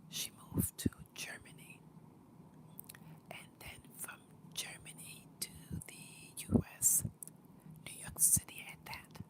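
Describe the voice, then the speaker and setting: A woman with laryngitis talking in a whisper with her mouth close to the mic, chatting casually on a livestream with many pauses and fillers. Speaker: livestream host.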